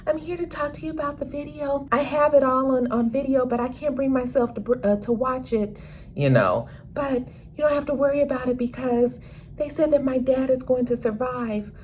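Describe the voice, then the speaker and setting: Woman doing a timid teenage girl, high and hushed, earnest and nervous. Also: moderate pace, a little hiss or hum, natural voice. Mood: anxious. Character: soft-spoken teenage girl, anxious and earnest.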